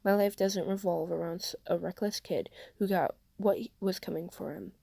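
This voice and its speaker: A woman's voice: fairly low pitch, fairly even intonation, normal speed, creaky, dark tone, no echo. A woman voicing a rude, demanding businessman in a cheap suit, in a curt and impatient manner.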